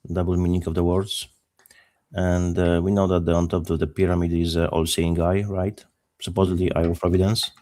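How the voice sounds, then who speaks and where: A man's voice: sits low, level tone, fairly quick, dark tone. A man talking in a solemn, conspiratorial way in a casual chat.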